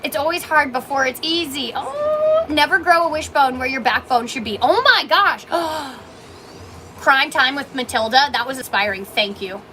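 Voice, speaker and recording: A woman's voice: high voice, sing-song, normal speed, pushed and bright, slight background noise. A woman who owns a coffee shop, chatting on a livestream and reading out viewer comments in a bubbly, gushing, emotional way. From Canada. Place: small coffee shop, indoors.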